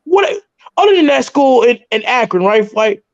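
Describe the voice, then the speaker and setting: Man, high gravelly voice, indignant and stumbling, dry lo-fi stream audio. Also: very animated, moderate pace, dry recording. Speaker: livestream panelist. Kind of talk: casual talk.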